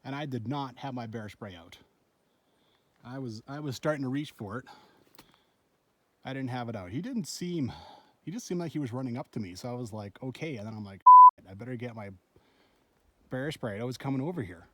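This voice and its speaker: A man's voice: mid-range voice, lively intonation, a little fast, pauses often, darkish tone. A middle-aged man filming himself on a solo backpacking trip outdoors, talking into a handheld camera in a rambling, shaken way and swearing as he goes. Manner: shaken, swearing, breathless retelling of a bear encounter. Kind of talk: handheld trail vlog. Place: outdoors on a mountain trail.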